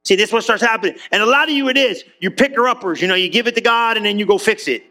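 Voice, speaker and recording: A pastor delivers an energetic, conversational sermon packed with casual slang, acting out quick voices and swinging from loud bursts to low, drawn-out lines. He keeps putting questions to the congregation.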